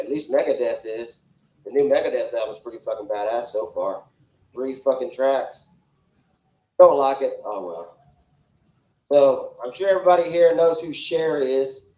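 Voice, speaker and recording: A man's voice: mid-range voice, warm tone. A man in his forties doing crude, brash, rambling stand-up at a club open mic with a handheld microphone. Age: 40s. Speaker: stand-up comedian. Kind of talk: stand-up comedy. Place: small comedy club stage. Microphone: handheld stage microphone. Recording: roomy club sound.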